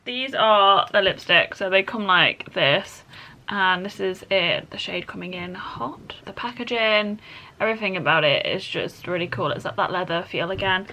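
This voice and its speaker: A young woman, chatting in an excitable, gushing way in a casual vlog. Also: mid-range voice, normal speed. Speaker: vlogger. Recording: faint background noise.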